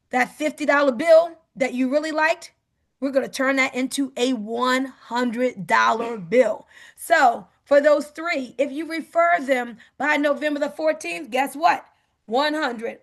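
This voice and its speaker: A woman making an upbeat sales pitch on a video call, often asking "guess what". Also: fairly bright tone.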